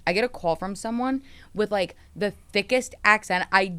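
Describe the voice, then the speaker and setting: A woman's voice: mid-range voice, moderate pace, smooth. A young woman hosting a podcast, telling stories in casual chat, acting out the quotes and swearing often. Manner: animated storytelling, acting out quotes, frequent swearing. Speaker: podcast host.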